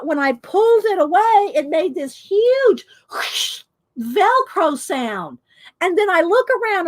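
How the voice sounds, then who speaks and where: Woman host, chatty rambling storyteller, higher voice, laughs often. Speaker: adult coloring video host. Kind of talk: casual storytelling to viewers.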